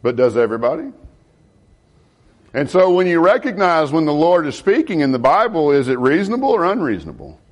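A middle-aged man, a pastor preaching a sermon in an animated way and asking the congregation questions. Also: a little high, brisk.

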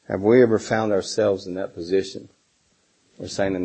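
Husky, rambling middle-aged man. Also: low voice, steady tone, moderate pace, darkish tone, low-quality recording. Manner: rambling, many fillers and restarts. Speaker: Bible class teacher. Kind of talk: informal Bible lesson with personal stories.

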